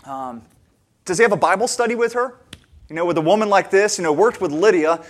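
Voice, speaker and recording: A man preaching a sermon, earnest and conversational, often restarting his sentences and building to emphatic, louder peaks. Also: high-pitched, animated, fairly quick. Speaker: pastor.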